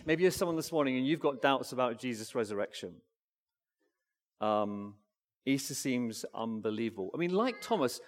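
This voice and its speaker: Lively man preaching in an echoing hall. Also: mid-range voice. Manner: lively, questioning, talks with the congregation. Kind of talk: family-friendly sermon. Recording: long hall reverb.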